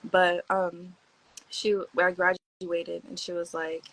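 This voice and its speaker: A woman's voice: fairly low pitch, level tone, measured pace, fairly bright tone, rough recording. A young woman from Hawaii, a podcast guest, telling stories in a laid-back, slangy way with lots of "like" fillers and acted-out quotes. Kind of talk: casual storytelling chat.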